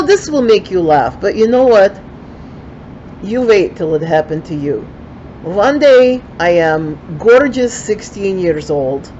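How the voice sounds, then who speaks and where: A woman's voice: lowish voice, darkish tone, muffled recording, slight background noise. An older woman with a Ukrainian accent telling a folksy story in broken English, with chatty asides.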